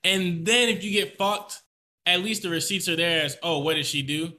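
Blunt, bright-voiced man ranting on a podcast. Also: high voice, fairly even intonation, normal speed. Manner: blunt, emphatic, profane, repeats himself for emphasis. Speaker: podcast co-host. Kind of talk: casual opinionated podcast chat.

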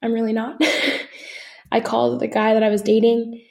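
Female podcast co-host, mellow tone, candid conversational storyteller. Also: a little high, completely flat delivery, moderate pace, gravelly. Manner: conversational, many fillers and asides.

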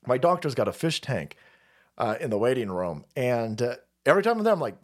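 A man's voice: medium pitch, big pitch swings, brisk. A man hosting a livestream, chatting casually and reading chat, profane and rambling, laughing often. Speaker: livestream host.

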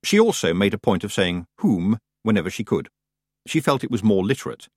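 A man reading a novel aloud as narrator in measured, dry storytelling. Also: lowish voice, sing-song, breathy edge, dry recording. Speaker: audiobook narrator. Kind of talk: scripted narration.

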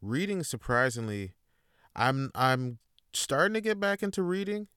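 A man's voice: mid-range voice, big pitch swings, a little slow, fairly bright tone, smooth, no echo, studio quality. A man hosting a solo podcast, talking in a rambling, laid-back way with a lot of swearing. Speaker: podcast host. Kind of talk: casual solo monologue.

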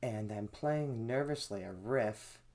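A man's voice: fairly low pitch, slow pace, background noise. A young man hosting a podcast, telling a story casually and profanely and acting out what people said. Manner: profane, animated storytelling, acts out quotes. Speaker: podcast host.

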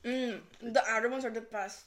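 A young woman with a fairly high voice chatting on a podcast, giggling easily and filling her talk with "like" and "you know." Her voice rings a little in an echoey room. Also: steady tone, moderate pace, crowd noise. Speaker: podcast co-host. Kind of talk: casual chat. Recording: roomy echo.

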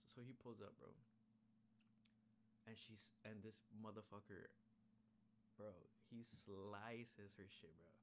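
A man's voice: lowish voice, steady tone, a little slow, long pauses, a little hiss or hum. A man hosting a podcast, recapping an episode in laid-back, rambling slang with a lot of swearing. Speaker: podcast host. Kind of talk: casual chat recapping an episode.

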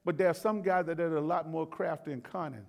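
A man's voice: on the high side, fairly quick, gravelly. A man pastor giving a sermon in a folksy, conversational preaching manner.

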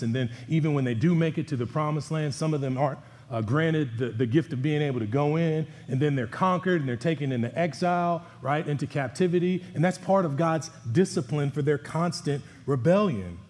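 A man's voice: on the high side, darkish tone. Earnest male pastor in a reverberant church. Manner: earnest and exhorting, with conversational asides. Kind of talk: sermon. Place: church sanctuary. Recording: long hall reverb.

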